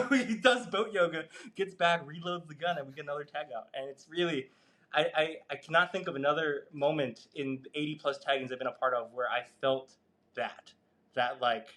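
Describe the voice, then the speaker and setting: A man telling a story as a podcast guest, animated, swearing and laughing as he goes. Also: on the high side, normal speed. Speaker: guest researcher. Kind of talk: casual storytelling in a podcast interview.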